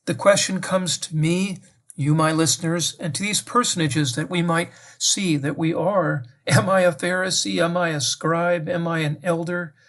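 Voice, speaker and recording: A man's voice: fairly high pitch, steady tone, normal speed, a bit bright. Reflective man praying aloud to the Lord. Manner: addresses the Lord directly, reflective and questioning. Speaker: priest giving a meditation. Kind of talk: prayerful spoken meditation.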